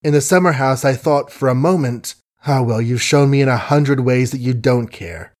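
A man reading an audiobook, voicing an earnest, honorable young man close to his own voice, measured and a little hesitant. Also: mid-range voice, darkish tone, close to an everyday voice. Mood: tender.

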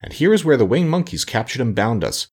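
A man voicing a kindly, wise male scarecrow king for a storybook reading, in a gentle, thoughtful manner. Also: mid-range voice, very animated, brisk, husky, voice pushed up. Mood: reflective.

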